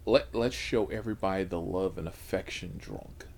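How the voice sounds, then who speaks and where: A man's voice: low-pitched, moderate pace, darkish tone, a little hiss or hum. A man who hosts a channel, telling stories to the camera about driving for a ride service, swearing freely, laughing, and dropping into whispered asides. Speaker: rideshare driver and channel host. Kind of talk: casual storytelling to camera.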